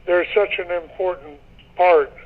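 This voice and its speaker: Older man, high-pitched, rambling radio guest, muffled lo-fi line. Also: steady tone, a little slow. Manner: rambling, laughing, repeats himself. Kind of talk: casual radio interview.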